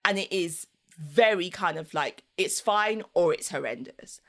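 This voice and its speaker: Chatty woman with a lowish voice. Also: animated, a little slow, fairly bright tone. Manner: chatty, laughs often, acts out voices in anecdotes. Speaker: podcast guest. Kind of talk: casual storytelling chat.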